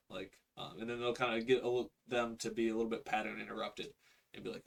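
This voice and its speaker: A man's voice: fairly low pitch, little pitch movement, fast talker, creaky, fairly bright tone. A man teaching real estate sales calls in a casual way, reading through a script on screen and acting out the sample call lines. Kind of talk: instructional screen walkthrough.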